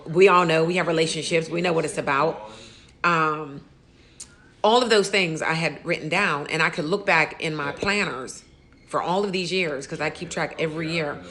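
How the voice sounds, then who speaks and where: A woman's voice: low-pitched, moderate pace, fairly bright tone. A woman who is an insurance agent and host, talking candidly in a casual interview and telling stories with quoted asides.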